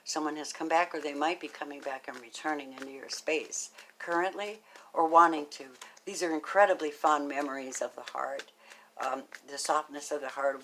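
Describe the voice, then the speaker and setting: Low-voiced woman giving a casual tarot reading. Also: slight background noise, rough recording. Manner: chatty and affectionate, thinks aloud, drops into soft half-whispered asides. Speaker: tarot card reader.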